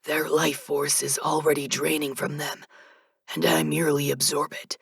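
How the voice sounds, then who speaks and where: A woman voicing a hushed young male death spirit. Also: deep voice, little pitch movement, normal speed, gravelly, slightly rough, dry recording, full character voice.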